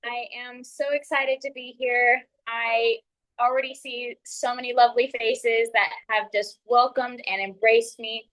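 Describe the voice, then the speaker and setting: A woman's voice: on the high side, level tone, measured pace, a bit bright, poor audio. A young woman with a Texan accent giving a friendly, earnest ice-breaker speech at a public speaking club. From San Antonio, Texas. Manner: friendly, earnest, laughs between points. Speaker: Toastmasters speaker.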